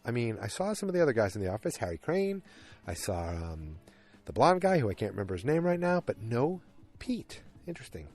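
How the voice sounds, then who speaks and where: A man's voice: medium pitch, big pitch swings, brisk, dark tone, soft background music. Male podcast host, casual solo recap, rambling and filler-heavy. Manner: rambling, chatty, many fillers.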